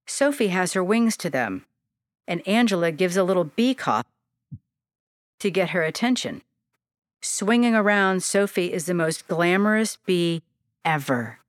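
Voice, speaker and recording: A woman reading a storybook aloud as its narrator, with a gentle, descriptive manner. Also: on the low side, animated, a little slow, pauses often, dry recording, studio quality.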